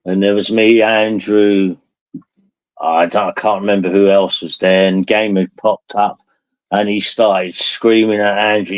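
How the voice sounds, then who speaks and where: A man's voice: on the low side, steady tone, moderate pace, low-quality recording. A man who hosts a live stream, chatting casually and telling rambling stories that he laughs through. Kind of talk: casual chat.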